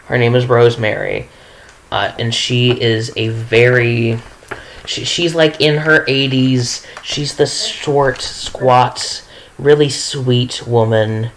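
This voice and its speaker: A woman's voice: extremely low pitch, fairly even intonation, takes it slowly, slight background noise, poor audio. A woman running a tabletop game as game master, narrating in a rambling, giggly way with lots of fillers.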